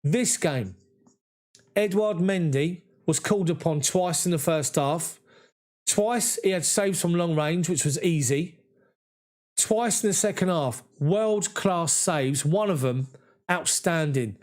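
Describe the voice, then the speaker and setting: A man giving emotional, excited live fan commentary on a match. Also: on the high side, slow.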